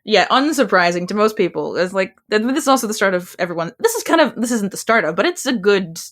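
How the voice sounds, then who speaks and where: A woman co-hosting a podcast in casual chat, rambling and animated, restarting sentences as she goes. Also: medium pitch, fast talker. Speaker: podcast co-host.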